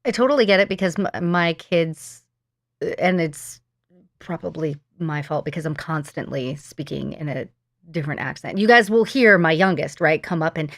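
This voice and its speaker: A woman co-hosting a podcast, telling stories in an animated way. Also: sits low, moderate pace, no room sound, studio quality. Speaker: podcast co-host. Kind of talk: casual chat.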